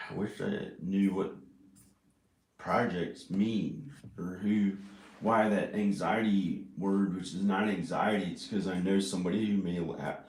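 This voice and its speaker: A man's voice: sits low, darkish tone. A man vlogging alone, muttering his rambling thoughts as they come. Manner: muttering to himself, meandering. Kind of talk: rambling solo vlog. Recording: echoey room.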